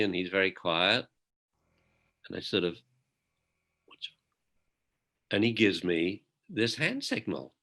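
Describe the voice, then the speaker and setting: An older man, a guest, telling a personal story in a reflective, emotional way, often halting and restarting. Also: fairly low pitch, pushed and bright.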